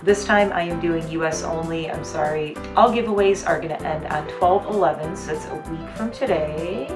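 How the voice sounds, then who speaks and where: A woman YouTuber unboxing holiday gifts on her vlog, gushing and gasping with excitement. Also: low-pitched, normal speed, over music.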